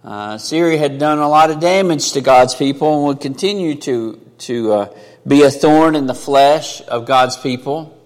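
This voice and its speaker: A man preaching a sermon in an earnest, conversational way, rising for emphasis and dropping low and quiet for asides. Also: moderate pace, big-room sound. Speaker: pastor.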